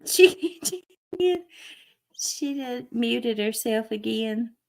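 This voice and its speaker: Slow gravelly-voiced woman. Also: on the high side, expressive, darkish tone. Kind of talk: casual livestream chat.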